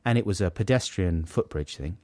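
Animated man telling a story. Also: low-pitched, brisk, no room sound. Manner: animated storyteller, exasperated, self-deprecating. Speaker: radio host. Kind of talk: casual anecdote on radio.

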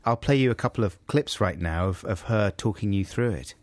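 A man's voice: fairly low pitch, animated, brisk, no room sound. A British man co-hosting a comic radio show, making dry, mocking remarks and bringing in audio clips. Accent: British English. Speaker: radio and podcast co-host. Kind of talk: casual comic chat. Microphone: dry studio mic.

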